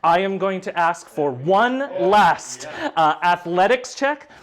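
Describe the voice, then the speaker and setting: Man, game master for a tabletop game; high voice, chatty and animated narration. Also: slow pace. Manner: animated, many fillers, laughs between lines.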